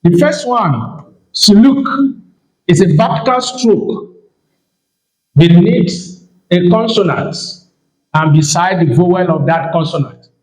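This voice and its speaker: A man with a high voice teaches a Hebrew grammar lesson at a slow, deliberate pace. He repeats each term and keeps reminding the learner to take note. The room around him is echoey. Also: animated.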